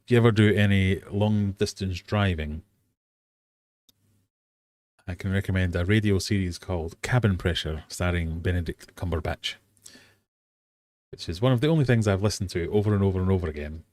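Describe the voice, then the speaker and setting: Host, male, lowish voice, casual jokey quizmaster, dry close mic. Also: normal speed, pauses often, a little mellow, no room sound. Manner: chatty, jokey, self-deprecating. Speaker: host of a fishkeeping live stream quiz. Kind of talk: casual live-stream quiz hosting. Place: home fish room.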